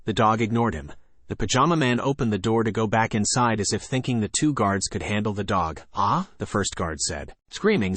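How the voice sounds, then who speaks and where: Low-voiced man reading a story. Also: a bit bright, no room sound. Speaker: audiobook narrator. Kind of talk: scripted narration.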